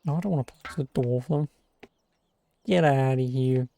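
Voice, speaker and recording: A man's voice: medium pitch, normal speed, creaky, mellow, a little hiss or hum. A man giving casual, sarcastic gameplay commentary as a streamer. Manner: wry, sarcastic. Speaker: let's play streamer.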